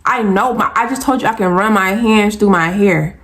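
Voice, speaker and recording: A young woman from the American South with an Atlanta accent, telling a casual storytime vlog in an animated, exasperated way and talking straight to her viewers. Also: mid-range voice, normal speed.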